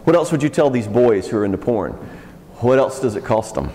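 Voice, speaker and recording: Male teacher, frank and wry, mid-pitched, in a hall with long reverb. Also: very animated, warm tone. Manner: frank, joking, quick asides. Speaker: speaker teaching youth workers. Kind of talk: casual teaching talk.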